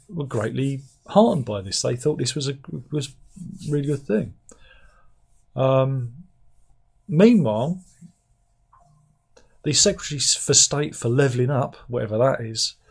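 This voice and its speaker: A man chats through the day's odd news stories with a dry, wry humour, and he often laughs at his own jokes. His voice is gravelly, with a rough fry at the ends of phrases, and he sits talking in a room at home. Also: mid-range voice. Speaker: host. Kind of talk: casual news commentary.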